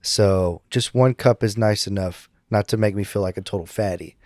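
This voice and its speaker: A man's voice: lowish voice, normal speed, a little mellow, no echo, studio quality. A man with a Cajun accent, co-hosting a casual chat in a laid-back, stubborn way and laughing often. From Louisiana. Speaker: podcast co-host.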